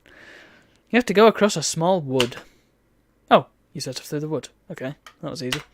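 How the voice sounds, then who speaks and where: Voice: mid-range voice, lively intonation, normal speed, a little hiss or hum. A streamer, chatting wryly and reading game text aloud while playing a retro game. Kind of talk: let's play commentary.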